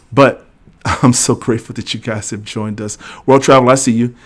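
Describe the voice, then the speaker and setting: A man's voice: mid-range voice, steady tone, moderate pace. Chatty middle-aged man hosting a livestream. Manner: casual and talkative, reads legal text aloud, jokes with the chat. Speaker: host of a veterans' benefits livestream. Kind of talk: livestream explainer reading regulations and chatting with viewers.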